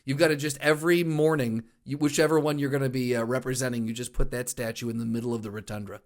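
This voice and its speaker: A man's voice: medium pitch, flat delivery, fast talker. A man co-hosting a casual podcast who rambles through his points and laughs often. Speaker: podcast co-host. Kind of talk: casual chat.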